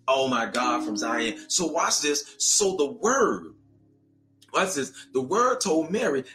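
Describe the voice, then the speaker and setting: Male preacher with a bright, forceful voice and a lilt, preaching with call and response over faint music. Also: big pitch swings, slow pace. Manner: preaching, calls out to the congregation, rising pitch. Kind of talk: sermon.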